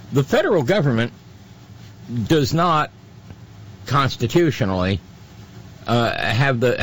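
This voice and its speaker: A man hosting a talk radio show, giving political commentary in a halting, sarcastic way full of fillers. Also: mid-range voice, slight background noise.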